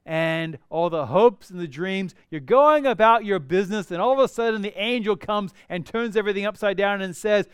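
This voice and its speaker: A man preaching a sermon as a pastor, animated and conversational, with personal asides. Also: sits high, normal speed, hardly any pauses, smooth, no echo, studio quality.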